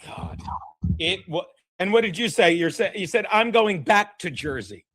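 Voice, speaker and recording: A man's voice: sits high, lively intonation, moderate pace, a bit bright. A man hosting a casual podcast, needling his co-host with crude jokes.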